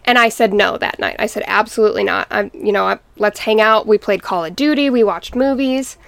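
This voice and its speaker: Young woman with a gravelly voice. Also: medium pitch, no room sound. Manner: halting, restarts, quotes family members. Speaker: guest. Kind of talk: emotional personal story in a podcast interview.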